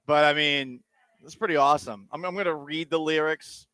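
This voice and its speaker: A man's voice: fairly high pitch, moderate pace, clean tone, no echo. A man hosting a sports radio show, talking casually with jokes and rambling asides. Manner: animated, joking, rambling asides. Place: radio booth on location.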